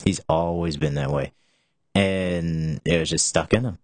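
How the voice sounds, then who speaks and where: A young man with an extremely deep, low voice hosts a casual talk show. He rambles loosely, restarting sentences and leaning on filler words. The sound is dry and close, with no room echo. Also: measured pace. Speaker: show host.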